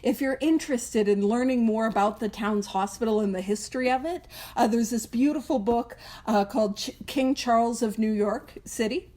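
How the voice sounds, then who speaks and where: A woman's voice: fairly high pitch, normal speed, few pauses, dark tone. A young woman leading a casual recovery book study, chatty and self-deprecating, often laughing and slipping into little character voices. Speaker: study group leader.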